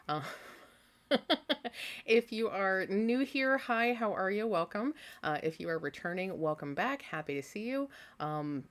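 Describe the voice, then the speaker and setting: A woman's voice: medium pitch, animated, a bit bright. A woman hosting a casual craft vlog from home, tired after a workday, rambling along with lots of ums and easy laughs. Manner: rambling, filler-heavy, quick to laugh. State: tired after a work day. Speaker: craft vlogger host.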